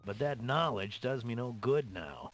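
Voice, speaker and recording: An actor playing a weary older island ferryman with a Brooklyn accent and a gruff, folksy way of talking. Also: mid-range voice, animated, unhurried. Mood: wistful. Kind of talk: 1990s computer game voice acting. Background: game music.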